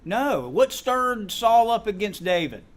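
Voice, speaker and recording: High-voiced man teaching scripture. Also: takes it slowly. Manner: animated, acts out biblical dialogue and quizzes the class. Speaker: Sunday School teacher and church elder. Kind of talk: Bible lesson teaching.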